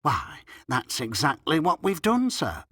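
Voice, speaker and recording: A man's voice: high-pitched, lively intonation, unhurried, a bit bright, dry recording, clean studio sound, pitched above the performer's own voice. A man voicing a bustling, eager country inn landlady in an audiobook. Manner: eager and exclaiming.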